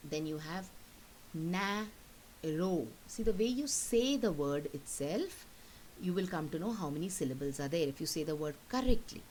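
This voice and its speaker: Deep, mellow, and animated, this woman's voice guides a recorded lesson, where she patiently says each word twice at a slow pace to model pronunciation. The low-quality recording has a faint hiss.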